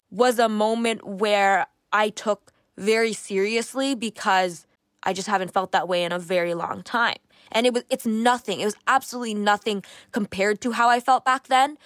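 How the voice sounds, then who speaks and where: A woman in her twenties hosts a casual solo podcast, speaking candidly and reflectively and frequently restarting her thoughts. Her mid-range voice is steady and a bit bright at a normal speed. The recording is dry with clean studio sound.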